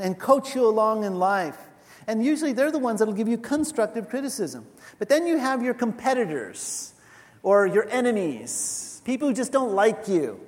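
Male pastor, sermon, conversational, laughing asides, long hall reverb. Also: high-pitched.

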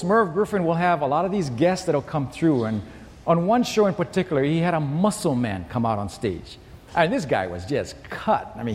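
A pastor with a voice on the high side preaches to his congregation, and the sound is that of a big room. He tells a story, acting out the quoted lines and shouting at times.

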